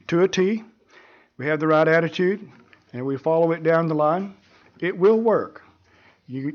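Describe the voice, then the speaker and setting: A man preaching a sermon in an earnest, measured way, often repeating words as he goes. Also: on the high side, highs cut off. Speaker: pastor.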